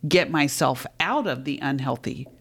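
Candid woman author guest, calm storyteller. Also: rumbling low, normal speed, creaky, slightly rough. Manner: candid, calm storytelling about her faith. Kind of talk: conversational faith podcast.

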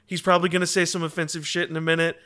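A man's voice: a little high, flat delivery, very fast, a loud crowd. A man playing in a comedic tabletop game, rambling and stammering through restarts as he explains things. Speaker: player. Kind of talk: comedic tabletop role-play.

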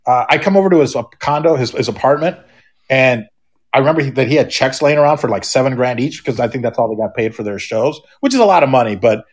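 A man's voice: medium pitch, lively intonation, fast talker. A middle-aged man, a podcast guest, talking casually and rambling, with many restarts and fillers. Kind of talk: casual chat.

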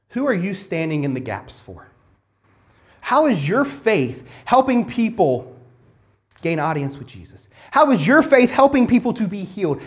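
A man with a high-pitched voice preaches a sermon as a pastor. He's earnest, firing off one rhetorical question after another at his listeners and often restarting his phrases.

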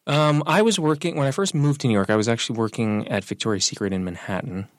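A young man talking through his experiences in a relaxed, conversational way. His pitch sits at an ordinary middle level. The sound is dry and close, with no room echo. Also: fast. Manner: relaxed, animated when quoting others. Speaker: interviewee. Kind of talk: casual conversational storytelling.

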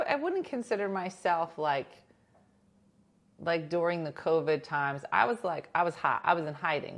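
On a new desk mic, a talkative woman runs a relaxed livestream from her home, telling stories and reading out comments from her chat. Her fairly low voice rises and falls dramatically as she imitates what other people said, and she laughs frequently between lines.

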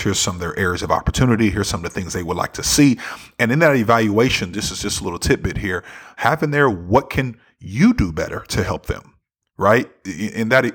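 Husky-voiced man giving leadership advice. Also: deep voice, fairly bright tone. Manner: earnest, conversational, asks "right?". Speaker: speaker on leadership. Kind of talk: motivational talk.

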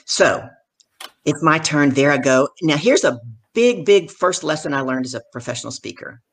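A middle-aged woman, a professional speaker and guest, telling stories from her career in animated conversation and acting out the people in them. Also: low-pitched, normal speed, a little hiss or hum. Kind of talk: conversational storytelling.

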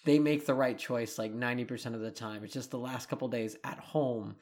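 A man's voice: medium pitch, fairly even intonation, a little fast, a little mellow. A man co-hosting a family podcast, telling a story in a rambling way with many restarts and a casual tone. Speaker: podcast co-host, father. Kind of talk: casual chat.

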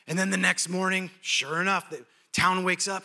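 A man preaching a sermon, telling a story in an animated, humorous way. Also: high voice, moderate pace.

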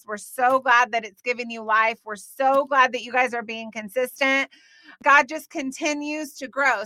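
A woman in her thirties hosts a faith podcast, chatting in a bubbly, animated way full of quick asides. Her voice sits high and bright. The close mic keeps the sound dry. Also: no echo. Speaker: podcast host.

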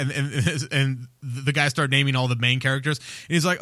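Bright-voiced, profane podcast host. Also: male voice, mid-range voice, steady tone, moderate pace, hardly any pauses, no room sound, studio quality. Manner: loose, profane, laughs a lot, rambling asides. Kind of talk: casual podcast chat.

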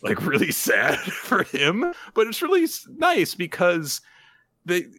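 A man co-hosting a podcast, recapping manga in casual chat and jumping into quick put-on voices for the characters. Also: high voice, huge pitch swings, a bit bright. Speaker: podcast co-host.

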